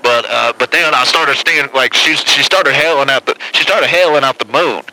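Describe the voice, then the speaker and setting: A man's voice: medium pitch, moderate pace, sharp tone, poor audio. A man playing a rambling, stammering caller in a comedic call-in sketch, leaning on "man" constantly.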